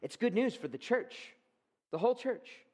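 Male pastor preaching a fervent sermon; high voice, swelling emphasis. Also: very animated, moderate pace, mellow.

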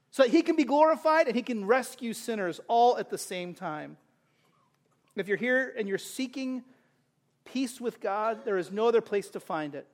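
High-voiced impassioned male preacher. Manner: impassioned, swinging between loud urgent calls and soft intimate asides; conversational, with frequent rhetorical "right?". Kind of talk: sermon.

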